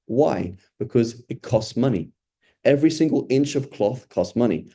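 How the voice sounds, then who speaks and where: A man's voice: mid-range voice, animated, moderate pace, creaky, mellow. A man giving an informal Quran study talk as a religious teacher, speaking conversationally with rhetorical questions and a frequent "right?".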